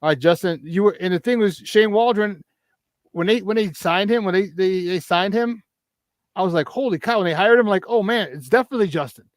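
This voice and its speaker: A sports radio host chats on his talk show, rattling off season records and frequently restarting his sentences in a conversational way. His voice is high at a normal speed, with no room sound.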